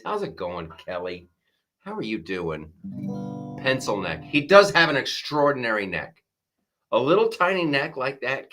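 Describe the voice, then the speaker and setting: A man's voice: on the low side, bright, forceful tone. A man hosting a live comedy talk stream in a casual chat style, riffing jokes and reading viewer comments aloud.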